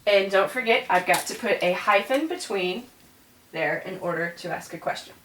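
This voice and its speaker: A woman's voice: medium pitch, expressive, moderate pace, fairly bright tone, distant mic, a little hiss or hum. Casual woman teaching in an echoey room. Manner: casual and chatty, says y'all, many ums and self-corrections. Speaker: French teacher. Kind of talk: classroom grammar lesson at a board.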